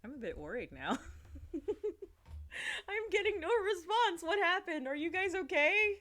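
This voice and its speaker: A woman's voice: extremely high pitch, very animated, measured pace, fairly bright tone. Giggly chatty woman streamer. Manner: giggly, chatty, full of "like" fillers. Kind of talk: casual chat on a livestream.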